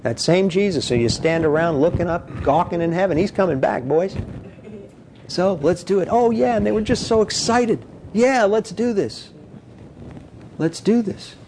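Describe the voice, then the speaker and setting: A man preaching a conversational sermon, animated and full of "you know", acting out quoted voices. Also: moderate pace, vocal fry, a little hiss or hum. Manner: animated, acts out quoted voices with big pitch jumps.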